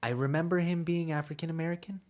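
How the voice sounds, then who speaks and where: A man's voice: on the high side, fairly even intonation, quick pace. A young man in his twenties from Northern California, a podcast host rambling through childhood stories with lots of fillers, laughter and swearing. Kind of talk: casual storytelling chat.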